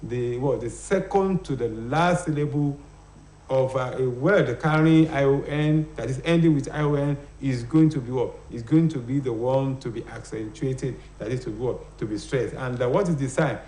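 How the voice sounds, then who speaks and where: A man with a mid-range, darkish voice teaches phonology on a live TV broadcast from a reverberant studio, speaking at a moderate pace. He hesitates often, uses many fillers, and keeps posing rhetorical "what?" questions.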